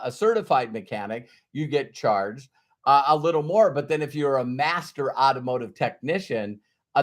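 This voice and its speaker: Rambling man telling a career story. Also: on the high side. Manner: rambling, laughs often, repeats himself. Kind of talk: casual livestream storytelling.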